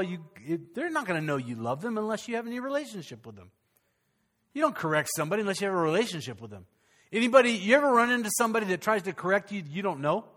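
A man, a pastor, preaching to his congregation in a conversational way, with humor and dramatic pauses. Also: high-pitched, fairly bright tone. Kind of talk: sermon. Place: church sanctuary before a congregation.

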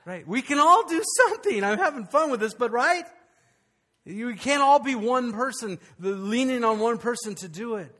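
A male pastor, preaching a conversational, animated sermon with frequent restarts. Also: high voice, normal speed.

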